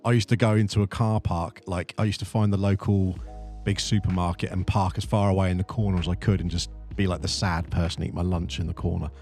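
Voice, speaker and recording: A man's voice: deep voice, fairly even intonation, brisk, a little mellow, soft background music. A man co-hosting a podcast in casual chat, joking and filling his talk with "like". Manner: joking, chatty, many "like" fillers. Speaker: podcast co-host.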